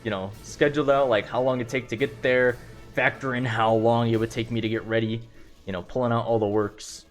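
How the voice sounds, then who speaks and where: A man's voice: mid-range voice, little pitch movement, fairly quick. Young man, streamer, casual storytelling, rambling, lots of fillers, faint background music. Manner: rambling, filler-heavy, self-deprecating.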